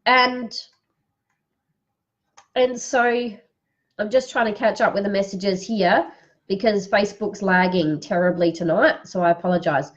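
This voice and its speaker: A woman giving a psychic reading on a live stream, tearful, speaking in a slow, soothing way as she guides breathing. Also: mid-range voice, lo-fi sound.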